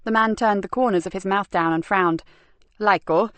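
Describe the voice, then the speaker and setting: A woman narrating a crime novel audiobook in a steady, even storytelling manner. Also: mid-range voice, brisk, no room sound. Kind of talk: scripted narration.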